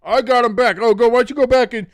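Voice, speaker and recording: A man's voice: very high voice, steady tone, fast talker, voice pushed up. A man putting on a mocking impression of a touchy adult man who complains indignantly when teased. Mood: indignant mockery. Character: touchy adult man mocked as thin-skinned.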